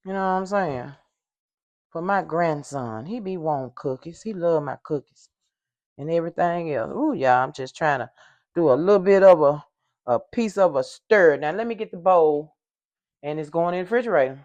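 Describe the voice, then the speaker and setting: An older woman chatting casually to viewers while baking in her home kitchen. She hums along as she works and sometimes gets loud in the microphone. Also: low-pitched. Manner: loud at times, apologizes for yelling into the mic. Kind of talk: casual cooking vlog.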